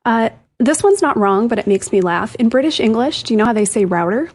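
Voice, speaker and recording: A woman's voice: a little high, animated, brisk, a little mellow. A woman co-hosting a tech show, chatting animatedly and giggling often. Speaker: co-host. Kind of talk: casual chat.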